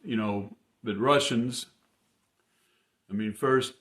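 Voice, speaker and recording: A man voicing a grim, matter-of-fact Russian man in an earnest, halting way, repeating words as he explains. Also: medium pitch, fairly bright tone. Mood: earnest explaining. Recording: roomy echo.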